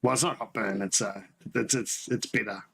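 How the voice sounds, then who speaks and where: On the low side, creaky yet bright and forceful, this man's voice holds a steady tone at normal speed. He hosts a homebrewing livestream, sampling beer as he chats and rambles casually, often correcting himself, and the recording is low quality.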